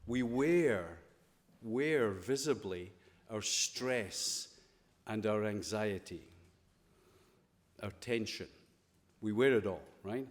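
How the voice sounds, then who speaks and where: A man's voice: on the low side, lively intonation, takes it slowly, long pauses, long reverb tail. Scottish man giving a chapel talk. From Scotland. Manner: conversational, playful, full of rhetorical questions. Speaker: school chapel speaker. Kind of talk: informal chapel talk to students. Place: school chapel.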